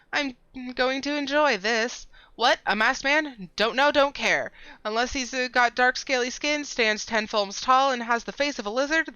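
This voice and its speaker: A woman's voice: a little high, clean tone, no echo, lo-fi sound, voice pushed up. A woman doing a crude, grumpy lookout. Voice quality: coarse, blunt, loud.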